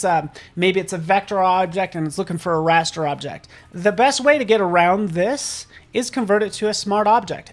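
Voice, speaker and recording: A man hosting a live software tutorial, upbeat and chatty, talking to viewers in the chat and joking about himself. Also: sits high. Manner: casual and self-joking. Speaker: host and software instructor.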